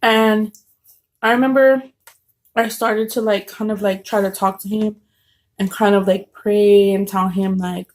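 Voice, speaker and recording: A woman's voice: mid-range voice, fairly even intonation, measured pace. Rambling woman telling a story at home. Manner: rambling with many fillers and restarts. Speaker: vlogger telling a story while eating. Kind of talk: casual storytelling.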